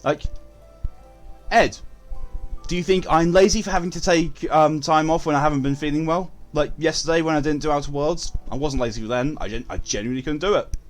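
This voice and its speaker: A man's voice: fairly high pitch, brisk, faint music behind. A man chatting casually with viewers while streaming a game, blunt and given to swearing. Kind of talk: casual live-stream chat.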